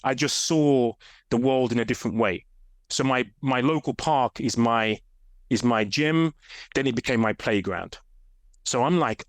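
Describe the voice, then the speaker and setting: A man's voice: mid-range voice, a little slow, no echo, clean studio sound. A grown man, a fitness coach guest, telling stories in a casual interview and acting out the voices in them. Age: adult. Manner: animated storyteller, acts out voices in quotes.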